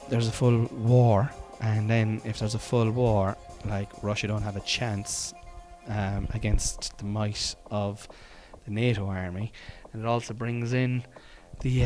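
A man in his forties hosting a casual solo podcast, rambling and joking with swearing and sudden loud bursts. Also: fairly low pitch. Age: 40s. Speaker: podcast host.

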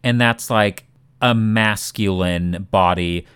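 A man's voice: lowish voice, slow, fairly bright tone, smooth, no echo, clean studio sound. A man co-hosting a podcast in casual chat, blunt and critical, swearing freely and wandering into asides. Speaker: podcast co-host.

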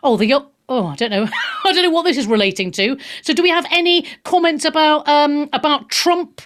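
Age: adult. Sex: woman. Role: talk radio host. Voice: fairly high. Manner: chatty, frank, stumbles and restarts. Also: very animated, fairly quick, fairly bright tone. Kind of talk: casual live radio chat.

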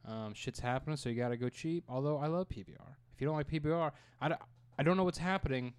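A man's voice: fairly high pitch, fast, clear, resonant tone. A man co-hosting a podcast in casual chat, joking and swearing as he rambles. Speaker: podcast co-host.

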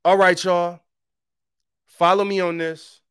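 A man's voice: sits high, slow, clear, resonant tone, no room sound, studio quality. A young adult man hosting a faith podcast, teaching scripture in a casual, joking way with slang. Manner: animated and joking, with street slang, mocking voices in quotes. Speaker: podcast host.

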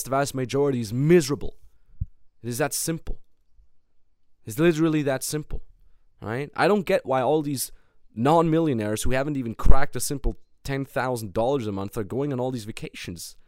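A man's voice: medium pitch, darkish tone, dry recording, clean studio sound. A man hosting a business coaching podcast, talking in a blunt, heated monologue. He swears a lot and repeats words and restarts when worked up.

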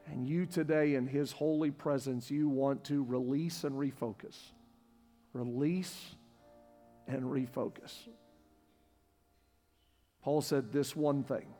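A man preaching a sermon as pastor to a congregation in a church, passionate and repetitive, building to near-shouting. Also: mid-range voice, steady tone, takes it slowly, long pauses. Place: church sanctuary with live congregation. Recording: long hall reverb with faint music.

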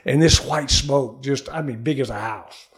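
An older man, a former pro baseball player, telling lively stories as a studio interview guest and acting out the quotes. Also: mid-range voice, normal speed. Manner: lively storyteller, acts out quotes. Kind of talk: animated storytelling in conversation.

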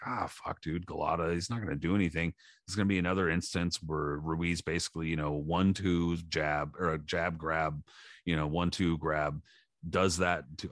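A man's voice: deep voice, no echo, clean studio sound. A man co-hosting a podcast, telling a story with lots of swearing and acting out the people in it. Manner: profane animated storytelling, acting out shouted quotes. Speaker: podcast co-host. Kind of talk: casual podcast chat.

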